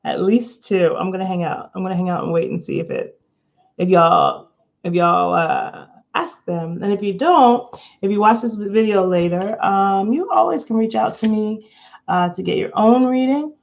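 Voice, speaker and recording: A woman's voice: medium pitch, big pitch swings, moderate pace, vocal fry. A chatty woman hosts a live tarot and pendulum session, giggling and rambling as she talks to her viewers. Her voice sits in an ordinary middle range. The stream audio is a bit dull and lo-fi. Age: adult, not under eighteen. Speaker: tarot reader. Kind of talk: casual live-stream chat. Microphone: webcam or phone, camera from below.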